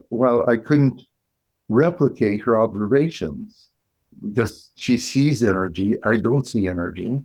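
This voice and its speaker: A man, a clinical psychologist, telling a story as a guest in an interview, measured and reflective, pausing and restarting as he thinks. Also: mid-range voice, darkish tone, rough recording.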